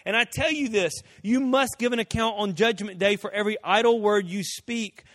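A man preaching a sermon as pastor, animated, acting out voices of people and shouting some quotes. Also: sits high, moderate pace, hardly any pauses, no room sound, clean studio sound.

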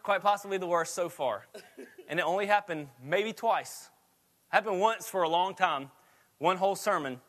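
A man's voice: high-pitched, moderate pace, a bit bright. A man preaching a sermon in a chatty storytelling way, laughing often as he tells stories. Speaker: pastor.

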